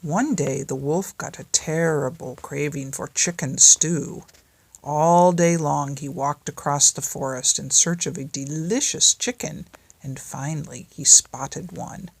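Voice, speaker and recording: An older woman, a grandmother, gently reading a bedtime story aloud in a home recording. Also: low-pitched, measured pace, vocal fry, husky, no echo.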